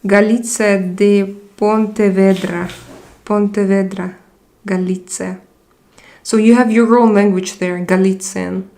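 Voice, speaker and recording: A woman's voice: mid-range voice, steady tone, slow, warm tone. A young woman hosting a casual live chat, reading viewer comments aloud and answering them. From Russia. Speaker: live stream host.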